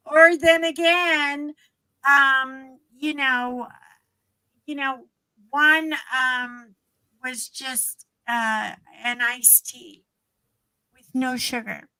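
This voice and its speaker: A woman's voice: sits high, very slow, pauses often, bright, forceful tone, clean tone, no room sound, poor audio. A woman co-hosting a casual chat show, telling rambling stories with lots of fillers. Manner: rambling storyteller with many fillers. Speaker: co-host.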